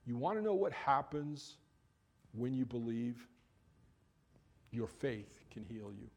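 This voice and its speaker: A man's voice: medium pitch, sing-song, takes it slowly, creaky. A man preaching a sermon in church, talking to the congregation in a conversational way and briefly acting out quoted figures. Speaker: pastor.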